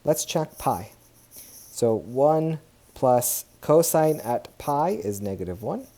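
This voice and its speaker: A man's voice: fairly high pitch, lively intonation, takes it slowly, warm tone. A man teaching a math lesson over a tablet screen recording, chatting as he works, correcting himself and cheering when things go right. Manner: chatty, self-correcting, upbeat exclamations.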